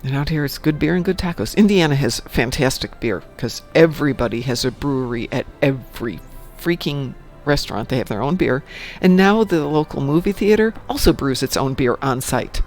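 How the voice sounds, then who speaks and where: A man's voice: mid-range voice, animated, fairly quick, hardly any pauses, soft background music. A man in his sixties casually chatting on a live stream, reading the chat aloud and telling dad jokes. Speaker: stream co-host.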